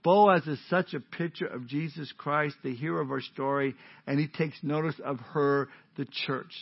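A pastor preaching a sermon in a casual, joking, conversational way, on a dull lo-fi recording. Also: male voice, on the high side, fairly even intonation, normal speed, gravelly, husky. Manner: conversational, joking, warm-hearted.

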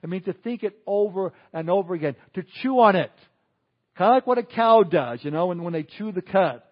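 Speaking fairly quickly, a male pastor preaches to his congregation with an easygoing, conversational manner, full of little chuckles and side remarks. His pitch runs somewhat high for a man, and the sound is muffled and lo-fi, like vintage church tape.

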